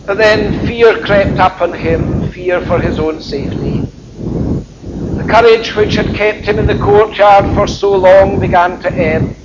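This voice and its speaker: A man's voice: high voice, fairly even intonation, measured pace. A man preaching a sermon as a story, in a reflective, colloquial way. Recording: muffled with loud wind noise.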